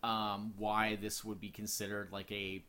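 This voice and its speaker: A man's voice: lowish voice, completely flat delivery, unhurried, pushed and bright. A man co-hosting a podcast, chatting casually about a movie with lots of "like" and "you know". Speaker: podcast co-host. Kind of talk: casual film review chat.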